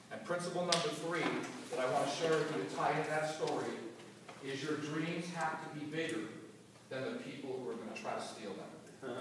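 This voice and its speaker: A man gives a motivational talk and tells his story with animated emotion, his voice pitched high. He is recorded from far off in a large hall full of reverb, with faint room noise behind him. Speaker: motivational business speaker.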